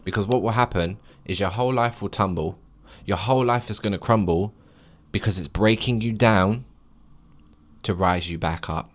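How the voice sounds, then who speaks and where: Low-voiced man preaching on his podcast. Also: moderate pace. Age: late 20s. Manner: rambling and preachy, with emphatic encouragement. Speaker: podcast host. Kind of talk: solo podcast monologue.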